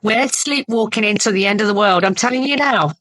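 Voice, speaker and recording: A woman's voice: medium pitch, a little fast, fairly bright tone, dry recording, rough recording. An older woman with a British accent, confronting a driver on the street and ranting insistently about conspiracies. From Britain.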